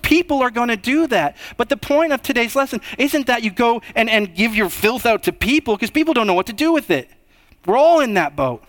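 A young preacher with a noticeably high voice gives a sermon, drifting from quiet, drawn-out passages into raised, emphatic stretches. His delivery is expressive, swinging between hushed and loud.

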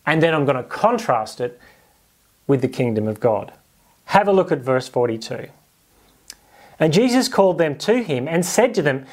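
A man preaching a sermon, lively and animated, slipping into quoted voices to make his point. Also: on the high side. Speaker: pastor.

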